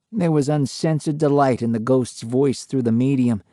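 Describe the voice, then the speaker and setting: An older man narrating a true ghost story in a slow, measured way. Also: medium pitch, warm tone, dry recording, studio quality.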